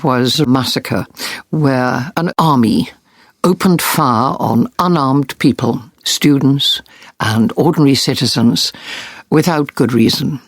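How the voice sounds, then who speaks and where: A woman's voice: rumbling low, takes it slowly, breathy edge, dry recording. A woman war correspondent earnestly recounting vivid experiences in an interview. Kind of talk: interview storytelling.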